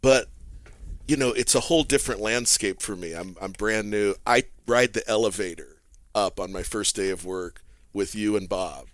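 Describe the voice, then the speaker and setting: A man, a therapist and guest telling an animated story in casual podcast chat and laughing as he talks. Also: lowish voice, moderate pace, no room sound. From Texas. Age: 40s.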